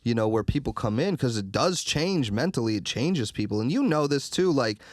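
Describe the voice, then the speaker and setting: Man, podcast guest, rambling and profane, mid-pitched, dry close sound. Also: normal speed, dry recording. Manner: rambling, profane, animated storyteller. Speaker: recording engineer, podcast guest. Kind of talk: casual chat. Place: podcast studio.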